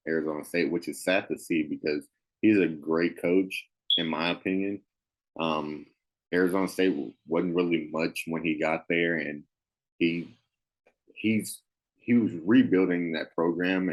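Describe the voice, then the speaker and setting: Deep-voiced man chatting football. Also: low-quality recording. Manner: loose, rambling, many fillers. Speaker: podcast co-host. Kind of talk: casual sports chat.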